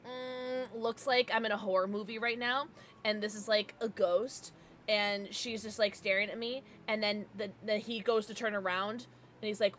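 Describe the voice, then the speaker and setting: A young woman chats her way through a game on stream. Her voice is bright and clear, full of giggles. She rambles to her viewers and tries on silly accents for fun. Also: medium pitch, fairly even intonation, moderate pace, slight background noise. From Southern US. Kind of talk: live gameplay commentary.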